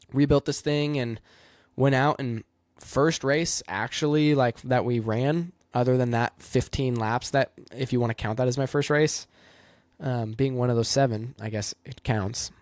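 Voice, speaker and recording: Young man, race car driver, rambling reflective storytelling, mid-pitched voice, dry close sound. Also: a little mellow, no room sound. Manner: reflective, rambling with many fillers. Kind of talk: casual personal storytelling.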